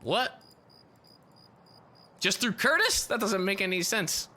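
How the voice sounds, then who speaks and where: A man's voice: high-pitched, very animated, slow, bright, forceful tone, a little hiss or hum. A man chatting on voice chat while gaming, laughing often and swearing when things go wrong. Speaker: gamer on voice chat.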